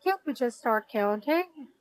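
A woman's voice: on the high side, lively intonation, measured pace, no echo. Woman doing an eager hungry boy. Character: hungry, pushy young boy.

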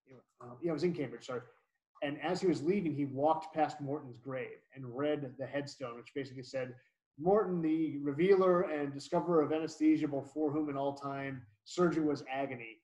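A man's voice: medium pitch, darkish tone, poor audio. A man hosting an online book club, talking in a rambling way, correcting himself and laughing often. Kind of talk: casual book discussion. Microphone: video call.

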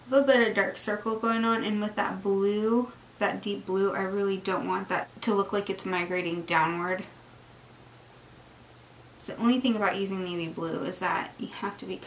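A woman's voice: mid-range voice, a bit bright. A woman beauty vlogger chatting and gushing as she does her makeup in a get-ready-with-me video. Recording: echoey room with faint noise.

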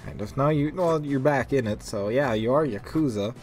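A man's voice: mid-range voice, moderate pace, darkish tone, soft background music. A man giving casual, joking commentary while playing a video game, rambling and mocking himself. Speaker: let's play host.

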